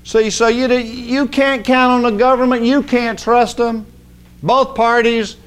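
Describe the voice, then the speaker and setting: A man's voice: very high-pitched, flat delivery, measured pace, smooth. A man preaching in a folksy, conversational way, rising to emphatic outbursts. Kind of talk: sermon.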